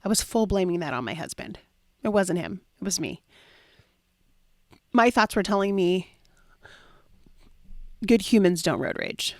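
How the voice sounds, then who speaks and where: A woman's voice: lowish voice, animated, measured pace, long pauses, dry recording, clean studio sound. A young adult woman hosting a solo podcast as a life coach, telling a story with lots of fillers and dramatic quoted asides.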